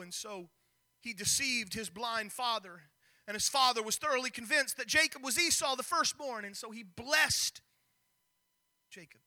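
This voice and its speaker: A man's voice: very high-pitched, moderate pace. A man preaching a sermon, telling a story with many restarts and acted-out scenes. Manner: storytelling, animated, with repeated restarts.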